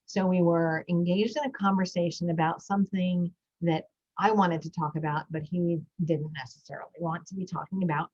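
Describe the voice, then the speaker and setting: A woman's voice: on the low side, steady tone, normal speed, hardly any pauses, a little mellow, lo-fi sound. A middle-aged woman, a parenting coach, talking in a reflective, storytelling way about her own family life. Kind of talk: podcast talk with a guided breathing moment.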